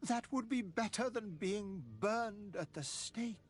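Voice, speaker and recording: A woman's voice: medium pitch, slow, close to an everyday voice. A woman voicing a persecuted female scholar in video game dialogue, grave and resigned.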